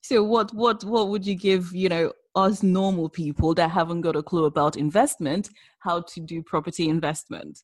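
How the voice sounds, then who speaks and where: A woman's voice: on the low side, steady tone, normal speed, no echo. A woman hosting a podcast interview, chatty and talkative, filling her talk with "you know" and "right". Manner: chatty, talkative, lots of fillers. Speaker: podcast host. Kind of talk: casual conversational interview. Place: virtual cafe podcast.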